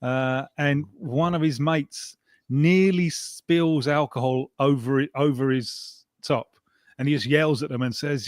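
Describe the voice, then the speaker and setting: A man chatting on a podcast with wry, deadpan humour. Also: medium pitch, a little slow, dry recording, studio quality. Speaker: podcast regular. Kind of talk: casual chat.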